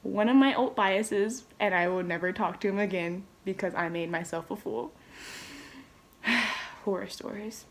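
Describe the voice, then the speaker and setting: A young adult woman telling personal stories in a casual vlog, animated and rambling, full of "like" fillers and sudden jumps in pitch. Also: normal speed, hardly any pauses, slight background noise. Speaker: K-pop fan vlogger.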